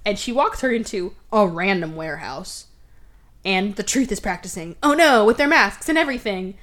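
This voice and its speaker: Speaking at a moderate pace with an expressive, fairly bright medium-pitched voice, a woman on her podcast walks through a film's story in a chatty, animated way. She voices the characters' dialogue herself and doesn't hold back on swearing.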